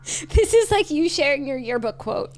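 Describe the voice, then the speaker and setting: A woman's voice: high-pitched, big pitch swings, moderate pace. A woman co-hosting a podcast, bantering in a bubbly, self-mocking way. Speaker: podcast co-host. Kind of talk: casual chat.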